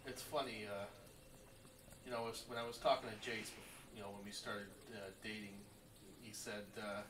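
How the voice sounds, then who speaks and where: A man's voice: lowish voice, steady tone, normal speed, close to an everyday voice. A man playing a groggy young fiancé, just awake. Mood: drowsy. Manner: groggy, drowsy and casual. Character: soft-spoken male fiancé waking from sleep. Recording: roomy, distant and noisy.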